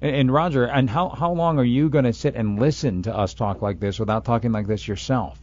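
A man's voice: medium pitch, fairly quick, a little mellow, slight background noise. Radio host guy taking calls, mid voice, kinda muffled lo-fi sound. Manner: conversational, takes calls with short greetings. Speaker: radio talk show host. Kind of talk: call-in radio talk. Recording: dull lo-fi radio broadcast.

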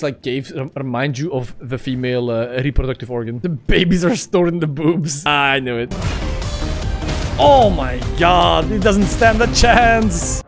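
A young man commentating his own gameplay casually, excitable and crude, with sudden yelps and laughs. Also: a little high. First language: Dutch. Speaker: streamer. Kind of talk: casual let's-play commentary.

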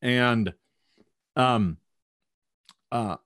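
A man's voice: mid-range voice, drawn-out words, fairly bright tone. A man narrating as game master of a tabletop game, describing the scene vividly.

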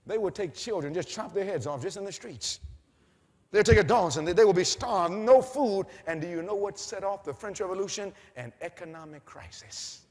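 A male preacher with a high, ringing voice delivers a sermon, firing questions at his listeners and answering them himself. His voice swings between quiet asides and shouted climaxes, and a long reverb from a large hall trails behind every phrase. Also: animated, a little fast. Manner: call-and-response questions, rising to shouts.

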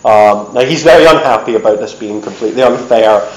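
A man's voice: on the low side, brisk. Chatty man in an echoey hall. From United States. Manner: lively storyteller, chatty with many ums. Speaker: presenter. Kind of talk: storytelling history talk. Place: event hall.

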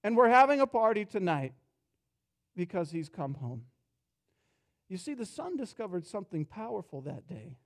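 A pastor preaching a sermon in a church, telling a story and acting out its characters, dropping soft and low for reflective points. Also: male voice, big pitch swings, normal speed, pauses often. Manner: storytelling, acts out characters' lines with rising energy. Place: church sanctuary.

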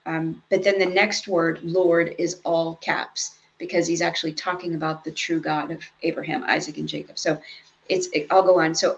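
Gravelly-voiced woman leading a Bible study. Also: medium pitch, rough recording. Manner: reads scripture aloud, then explains it in chatty asides. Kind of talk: casual Bible study teaching.

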